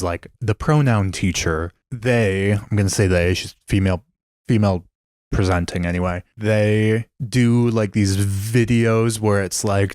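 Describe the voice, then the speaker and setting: A man co-hosting a podcast in casual chat, teasing and cracking deadpan jokes. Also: low-pitched, dry recording, clean studio sound. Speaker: podcast co-host.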